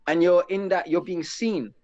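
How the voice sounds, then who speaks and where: A man's voice: high voice, steady tone, normal speed, mellow, dull audio. A man, a guest on a casual live chat, talking earnestly in street slang with constant tag questions.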